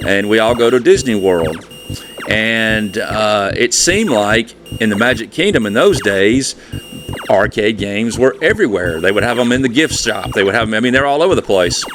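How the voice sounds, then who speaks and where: A man's voice: on the low side, fairly bright tone, slight background noise. A man, reminiscing in a rambling, folksy way as host of a retro gaming channel. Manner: rambling, chatty, folksy storytelling. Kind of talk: nostalgic casual monologue.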